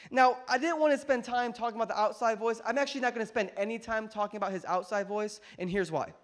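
High-voiced animated male pastor. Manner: animated, joking, shifts between loud and hushed. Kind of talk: sermon. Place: church hall with congregation.

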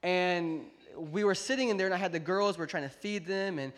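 A man with a notably high voice preaching to a congregation. He moves from a relaxed family story into a loud, driving finish, pressing his points hard and repeating them. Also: brisk. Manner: storytelling, builds to loud shouting climax. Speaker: pastor. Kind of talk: sermon.

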